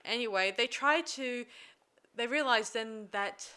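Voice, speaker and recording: Bright, clear-voiced woman podcast host. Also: a little high, unhurried. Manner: retells plot with many fillers and restarts. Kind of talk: casual film review chat.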